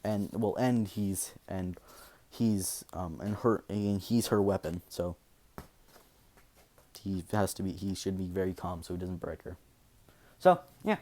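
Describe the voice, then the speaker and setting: Low-voiced man rambling through a story. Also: fairly even intonation, unhurried, long pauses, warm tone. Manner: meandering, full of fillers and restarts, casual swearing. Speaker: fan storyteller. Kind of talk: rambling improvised story narration.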